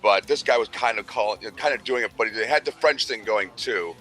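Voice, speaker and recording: Low-voiced male co-host, bright tone, rambling and profane, light music underneath. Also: brisk. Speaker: podcast co-host. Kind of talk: casual chat.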